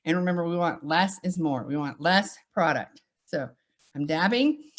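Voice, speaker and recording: A woman's voice: lowish voice, normal speed. A woman with a Southern US accent giving a makeup demonstration, upbeat and reassuring as she walks through each step. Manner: upbeat, reassuring, chatty teaching. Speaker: makeup instructor.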